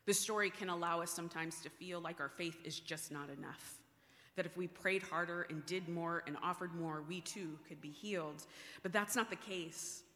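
A woman preaching a sermon, animated with playful asides, then hushed and earnest. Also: on the low side, normal speed. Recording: long hall reverb.

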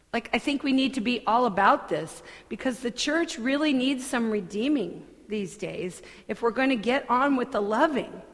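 A woman pastor delivering a sermon in a church sanctuary, earnest and deliberate, with conversational asides. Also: a little high. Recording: long hall reverb.

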